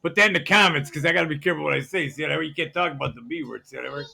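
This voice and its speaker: Male vlogger, gravelly and forceful, ranting and conspiratorial, filmed on a phone in store aisles. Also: on the high side, racing. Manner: ranting, conspiratorial, repeats "see how that works". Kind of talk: ranting shopping vlog.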